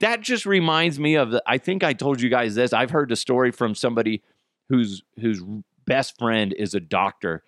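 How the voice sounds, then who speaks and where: Brief: male comedy podcast host, animated, swearing, dry close mic. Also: medium pitch, moderate pace, dry recording. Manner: laughing, joking, profane. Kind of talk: casual comedic commentary.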